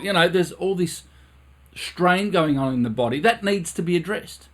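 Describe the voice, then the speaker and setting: A man's voice: sits high, lively intonation, normal speed. A man teaching a live-streamed brass lesson from his recording studio, earnest, repeating phrases over and over for emphasis.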